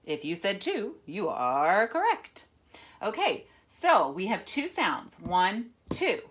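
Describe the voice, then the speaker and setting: A woman teacher reading a picture book aloud with lively emphasis, then patiently explaining a rhythm lesson. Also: mid-range voice, slow pace, slightly rough. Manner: animated, expressive reading with dramatic emphasis; patient, encouraging classroom explanation. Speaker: music teacher.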